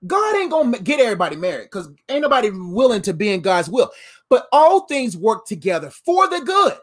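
Man, preacher, casual motivational sermon; animated, repetitive, lively voice. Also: very high voice, a little fast. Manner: animated, repetitive, playful, calls audience fam.

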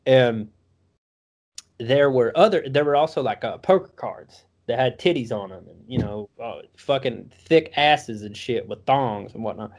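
A man's voice: mid-range voice, measured pace, a little mellow. A young man telling a rambling, profanity-laden story in a casual drawl.

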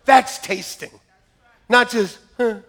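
A man preaching a sermon to his church, joking and lively, then turning quietly earnest. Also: very high voice, takes it slowly, slight background noise. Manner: jokey and animated, swinging between loud punchlines and quiet earnest asides. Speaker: pastor. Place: church sanctuary with a congregation. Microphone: church sound system, live-streamed.

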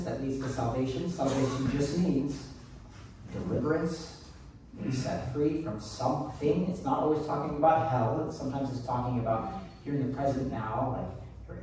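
A man's voice: mid-range voice, mellow. Male pastor, casual earnest sermon delivery, distant mic, reverberant church room with faint background hum. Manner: conversational, earnest, with many restarts.

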